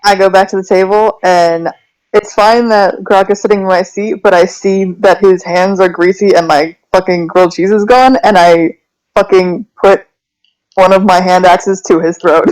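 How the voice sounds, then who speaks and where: A woman's voice: mid-range voice, fairly even intonation, normal speed, darkish tone, rough recording. A woman player in a tabletop game, brash and swearing freely.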